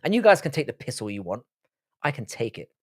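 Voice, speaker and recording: Chatting casually on a live stream, a Londoner from Britain swaps sweary, relaxed banter with his audience, often repeating words to demonstrate how he says them. He talks fast and very animatedly in a mid-range voice, with dry, studio-quality audio.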